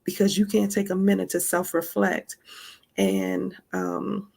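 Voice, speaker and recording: A woman's voice: mid-range voice, flat delivery, measured pace, creaky, a little mellow. A woman giving a casual spiritual teaching talk, speaking straight to her listeners with frequent asides and emphatic remarks. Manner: conversational, addresses listeners directly with frequent asides; emphatic, laughs between points.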